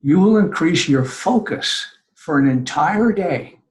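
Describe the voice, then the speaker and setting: An older man speaking as a podcast guest, giving earnest, conversational advice and acting out people's words in lively voices. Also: a little high, unhurried, rough recording.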